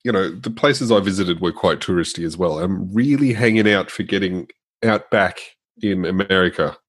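A man co-hosting a casual podcast, speaking haltingly with many fillers. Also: sits low. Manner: hesitant, halting with restarts and fillers. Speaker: podcast co-host. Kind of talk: casual chat.

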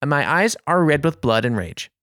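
Animated, slightly high-voiced man telling a story. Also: normal speed, dry recording, studio quality. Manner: animated, exasperated ranting with vivid asides. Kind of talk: casual anecdote.

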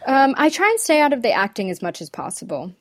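A woman's voice: fairly high pitch, big pitch swings, fast, dry recording. A woman working as an accent and dialect coach, talking thoughtfully in a casual interview, with many ums and restarts. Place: lives in the UK.

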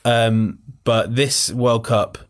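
A man's voice: mid-range voice, fairly even intonation, very slow. A man giving dry, punchy football takes on a podcast. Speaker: podcast panelist. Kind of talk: casual football chat.

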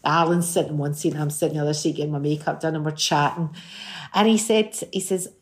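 Scottish woman, middle-aged, lowish voice, chatty storyteller on a talk show, does all the voices. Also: quick pace. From Scotland. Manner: animated storyteller, acts out voices in anecdotes. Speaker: guest singer. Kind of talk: chat show interview.

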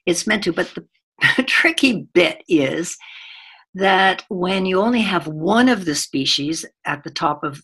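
Speaking at a conference as a workplace gender trainer, a middle-aged woman tells lively stories and voices the children she quotes. She has a low voice with vocal fry and a breathy edge.

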